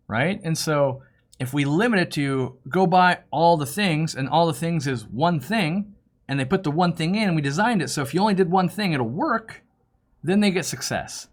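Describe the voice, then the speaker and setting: Middle-aged guy hosting a live q&a, kinda high voice, chatty, acts out little back and forth convos. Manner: animated, acts out customer dialogues in quoted voices. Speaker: host of a fish-keeping Q&A live stream. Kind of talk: casual live-stream Q&A chat.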